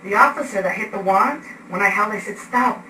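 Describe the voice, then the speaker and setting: A woman's voice: medium pitch, brisk. A woman giving an agitated eyewitness account indoors at home, acting out events with gestures as she speaks. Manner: animated, acts out events with gestures. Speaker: eyewitness recounting an arrest. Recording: echoey room, distant mic, background noise.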